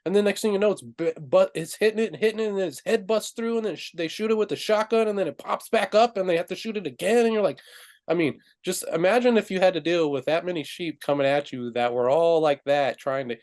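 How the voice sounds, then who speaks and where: Chatty man retelling movie scenes. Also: darkish tone. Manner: laughs often, acts out movie lines in quick high voices. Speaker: podcast co-host. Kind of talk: casual film review chat.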